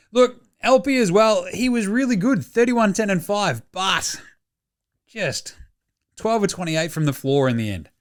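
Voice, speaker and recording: A man with an Australian accent hosting a sports podcast, joking and swearing in casual chat. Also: a little high. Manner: profane, animated and joking. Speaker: podcast host.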